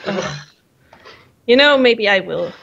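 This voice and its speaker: A woman player in an online tabletop session who hesitates and thinks aloud as she works out her moves. Her voice is mid-pitched. It comes through a dull, lo-fi mic. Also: lively intonation, slow pace, gravelly, fairly bright tone. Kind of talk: casual tabletop game chat.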